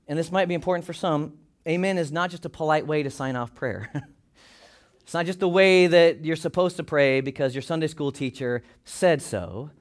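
A male pastor delivering a Sunday sermon in a fairly high voice. He preaches with animated energy, rising into loud, excited bursts and then sinking into soft, hushed asides.

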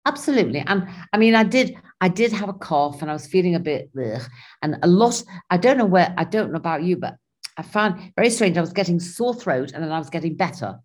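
A woman with a lowish voice talks fast as she animatedly tells a personal travel story in casual conversation, acting out both her own lines and other people's.

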